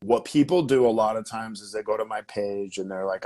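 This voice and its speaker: A man giving business-coaching advice as a guest in a casual interview, energetic and emphatic, who keeps checking in with "okay?" and "right?". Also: on the low side, a little fast.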